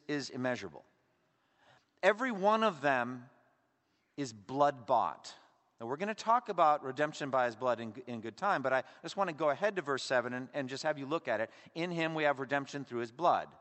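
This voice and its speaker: A man preaching a sermon as pastor, swinging between emphatic lines and hushed asides. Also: medium pitch, big-room sound.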